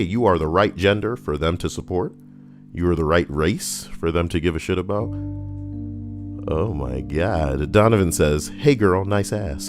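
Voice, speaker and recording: A man streaming, reading out comments with crude, profane jokes. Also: low-pitched.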